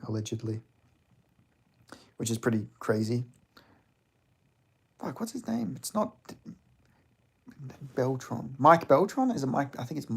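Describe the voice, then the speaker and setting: A man's voice: mid-range voice, creaky, slightly rough. A young man chatting casually on a livestream, rambling and reading out comments, with lots of fillers and swearing. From Australia. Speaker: streamer.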